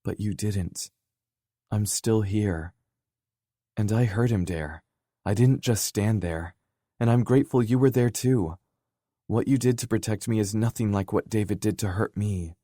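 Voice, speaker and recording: A male narrator voicing a shaken young woman who speaks softly and hesitantly. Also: on the low side, unhurried, no echo, clean studio sound, pitched above the performer's own voice. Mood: earnest.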